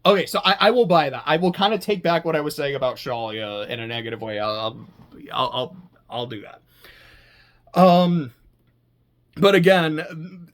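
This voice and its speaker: Animated, profane anime reviewer. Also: medium pitch. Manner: animated, swearing, stammering restarts, laughing asides. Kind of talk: casual chat.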